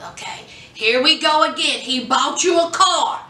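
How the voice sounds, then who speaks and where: A woman's voice: sits high, normal speed, few pauses. A woman recapping a reality show in casual, sassy chat, acting out the quotes. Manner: animated, sassy, acts out quotes. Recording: echoey room, distant from mic.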